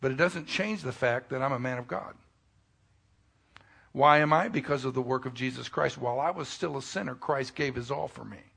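A man preaching a sermon as pastor, his voice bright and edged with a gravelly fry. He swings from loud, emphatic declarations down to quiet, intimate asides, and slips folksy jokes in between. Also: mid-range voice, moderate pace.

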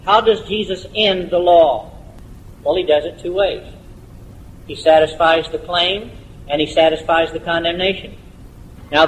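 A man preaching a sermon, building to emphatic peaks on key words and slowing down to drive points home. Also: sits high, a little hiss or hum, low-quality recording.

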